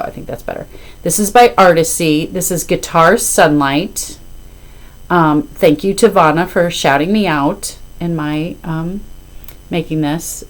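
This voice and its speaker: Brief: fifties woman, slightly low voice, chatty hobby vlogger, loose and apologetic. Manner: rambling and apologetic, with filler. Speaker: cross-stitch vlogger. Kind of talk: casual chat to camera.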